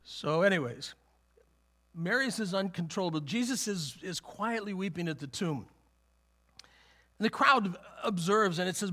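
A man preaching in a church with a voice pitched a little above the usual for men. He talks haltingly, repeating his words and breaking into small chuckles as he tells a personal story in a sermon. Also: lively intonation, bright, forceful tone. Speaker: pastor.

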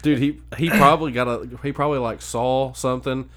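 A man's voice: mid-range voice, fairly even intonation, a little fast, fairly bright tone. A man in casual chat who laughs often and cuts in with eager questions and jokes. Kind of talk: casual chat, reacting and teasing.

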